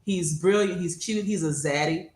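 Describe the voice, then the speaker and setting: A woman's voice: on the low side, moderate pace, a little mellow, reverberant. A woman co-hosting a political chat show, brash and profane, with a joking manner. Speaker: podcast co-host.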